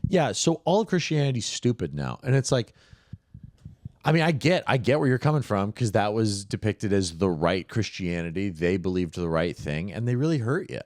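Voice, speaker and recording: A man's voice: lowish voice, normal speed, dry recording, clean studio sound. A young man co-hosting a comedy podcast, talking casually and slipping into mocking voices. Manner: animated, mimics people in quoted voices. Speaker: podcast co-host.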